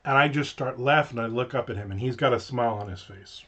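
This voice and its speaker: A man's voice: medium pitch, quick pace, a bit bright. Guy host rambling through a story, swears a bit, goes off on tangents, kinda muffled lo-fi sound. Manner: rambling, profane, digressive anecdotes. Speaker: show host. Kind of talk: casual storytelling.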